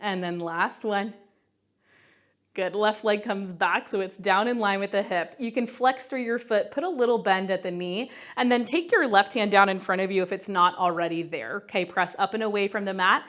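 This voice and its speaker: A woman's voice: mid-range voice, normal speed, a bit bright. Upbeat woman coaching a Pilates class. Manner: upbeat, chatty coaching while counting reps. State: working out along, slightly winded. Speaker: Pilates instructor. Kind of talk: guided workout instruction.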